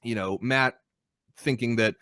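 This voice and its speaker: On a casual podcast, a young male co-host launches into lively, expletive-filled rants criticizing things. He speaks at a medium pitch and a little slowly, recorded dry and close on a podcast mic.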